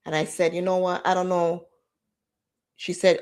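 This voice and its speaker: A woman's voice: lowish voice, normal speed. Candid woman telling her story. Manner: candid, emotional, animated retelling with quoted dialogue. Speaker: livestream host. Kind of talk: personal storytelling livestream.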